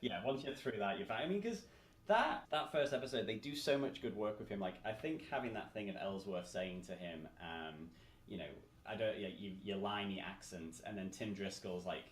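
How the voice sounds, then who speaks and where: A man talks in a loose, animated podcast chat, often slipping into quick acted-out quotes. His voice sits a little low. The recording carries a roomy echo with a faint hum of noise behind. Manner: animated, swearing, acts out quotes. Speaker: podcast host. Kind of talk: casual chat.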